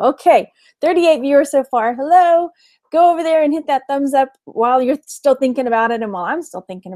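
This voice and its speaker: A Texas woman in her forties hosts a casual weekly livestream, greeting viewers by name and laughing often in a chatty way. Her voice is high with a darkish tone, and the recording has no echo.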